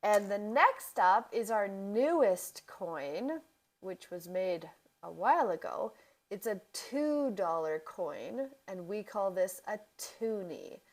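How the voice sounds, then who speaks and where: A woman, giving a vocabulary lesson in a careful, deliberate way and repeating examples for learners. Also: medium pitch, lively intonation. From Canada. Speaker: English teacher. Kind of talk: slow, clear teaching explanation.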